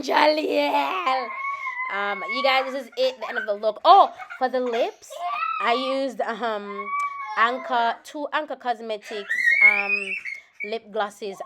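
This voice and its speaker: A woman's voice: on the high side, heavy background noise. A woman with a Jamaican accent, a makeup artist chatting casually in a vlog at home, slipping between standard English and patois and breaking off to scold her kids. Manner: scolds her children mid-talk. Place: home with children around.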